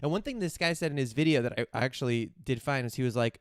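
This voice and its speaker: A man's voice: mid-range voice, fast, few pauses, smooth, no room sound, clean studio sound. A man hosting a podcast, chatting in a rambling, candid way and swearing casually. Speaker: podcast host. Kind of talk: casual chat.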